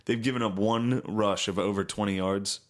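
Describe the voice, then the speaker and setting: A man's voice: lowish voice, fairly even intonation, normal speed. A young man co-hosting a podcast, telling crude, laid-back stories in casual chat. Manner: crude, laid-back storytelling with sudden yelled impressions. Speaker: podcast co-host.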